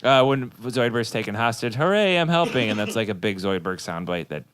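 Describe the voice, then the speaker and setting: A man's voice: lowish voice, fairly quick, a bit bright. A man co-hosting a podcast, chatting casually about a cartoon episode and laughing as he quotes lines. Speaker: podcast co-host.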